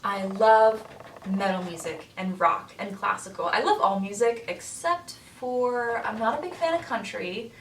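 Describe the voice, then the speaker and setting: A young woman talks casually to her viewers in a friendly, chatty way and laughs often. Her voice sits at an ordinary pitch and comes from a little way off the mic. The room echoes noticeably, with a faint hiss underneath. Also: a little slow, distant mic. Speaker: makeup artist vlogger. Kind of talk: casual chat to camera.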